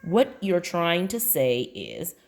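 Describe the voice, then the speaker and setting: A woman's voice: lowish voice, huge pitch swings, takes it slowly, creaky, darkish tone, pitched above the performer's own voice, heavily acted. A woman doing a dry, teasing storybook mom. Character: calm teasing mother, middle-aged. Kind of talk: children's book read aloud.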